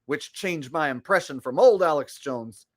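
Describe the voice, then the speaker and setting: A man's voice: fairly high pitch, lively intonation, moderate pace. A man hosting a livestream, talking in a boastful, rambling way as he comments on clips. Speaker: livestream host. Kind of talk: casual stream commentary.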